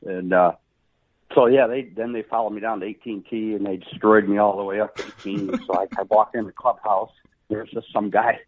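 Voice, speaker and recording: Here a middle-aged golfer who plays professionally talks a little fast, his voice on the low side. He narrates casually with plenty of laughter and animated acting of the quotes, heard through a phone-like radio line.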